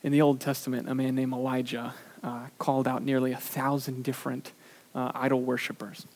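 Man, pastor, preaching. Earnest delivery, mid-range pitch, loud emphatic peaks and hushed low drops, some "uh" fillers. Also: little pitch movement, a little fast. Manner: swings between emphatic rises and quiet low drops. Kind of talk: sermon.

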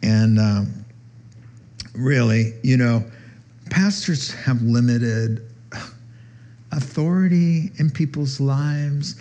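A pastor speaks slowly in a warm tone, pausing often as he delivers a conversational sermon. When he quotes people, he acts out their voices, raising his pitch.

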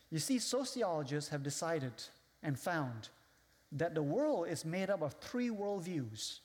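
A man with a foreign accent preaching as a guest speaker, who acts out his listeners' voices and quotes scripture. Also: a little high. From outside the US. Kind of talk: sermon. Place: large hall with a live audience. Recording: long hall reverb.

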